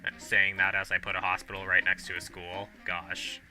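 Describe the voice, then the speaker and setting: A young man in his twenties talks loosely and chattily as he plays, restarting sentences and filling gaps with ums. His voice is bright and forward, a little low in pitch, and he hiccups now and then. Faint game music plays underneath. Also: monotone, moderate pace. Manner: rambling, chatty, many fillers and restarts. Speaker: gaming video host. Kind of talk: casual rambling commentary while playing.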